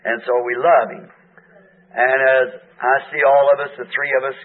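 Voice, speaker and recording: An older man preaching a homespun sermon with a hoarse voice, chatting with the congregation and asking them questions. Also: medium pitch, little pitch movement, a little slow. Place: church meeting hall. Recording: tinny lo-fi tape of a church service.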